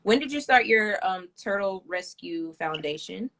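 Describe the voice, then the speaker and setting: A woman's voice: medium pitch, expressive, measured pace, fairly bright tone, a little hiss or hum. Chatty young woman hosting. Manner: chatty, filler-heavy, rambling. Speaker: host. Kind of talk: casual live-stream interview.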